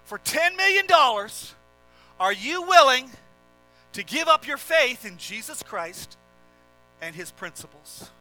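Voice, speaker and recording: A man voicing a dramatic male game show host who speaks slowly and in a hushed, suspenseful way. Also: extremely high pitch, sing-song, no room sound, soft background music, exaggerated voice, rough recording.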